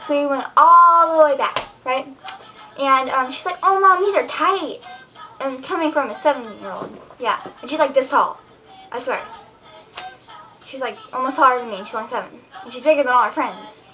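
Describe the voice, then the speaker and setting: A teenage girl vlogs to her viewers in a high, bright, forceful voice at a moderate pace, rambling and exasperated as she chats casually to the camera. The audio is poor, with faint music behind her.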